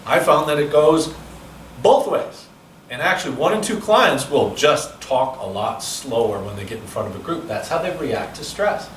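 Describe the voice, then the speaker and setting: A man's voice: medium pitch, expressive, moderate pace, a little hiss or hum. A male speaking coach leading a seminar, explaining measurements in a chatty, explanatory way and answering questions. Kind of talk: seminar lecture. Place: seminar room. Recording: echoey room, from a distance.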